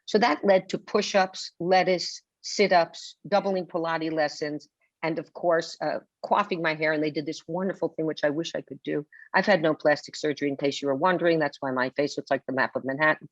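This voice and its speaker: An older woman appears as a guest author in a webinar conversation, telling stories theatrically and acting out the people she quotes. Her voice is low and fairly even, fairly quick, with no echo, over dull lo-fi video call audio.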